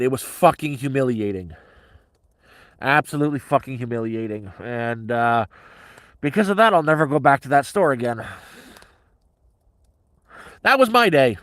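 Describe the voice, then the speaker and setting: A man's voice: medium pitch, a bit bright, no room sound. A middle-aged man telling a story on a casual livestream in a blunt, heavily profane, agitated way.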